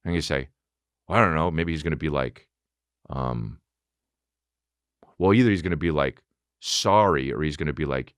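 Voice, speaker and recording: A man in his thirties hosting a podcast, telling a profane, animated story and acting out both sides of a conversation. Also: extremely low pitch, moderate pace, long pauses, clean tone, no echo, studio quality. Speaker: podcast host. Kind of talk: casual comedic storytelling.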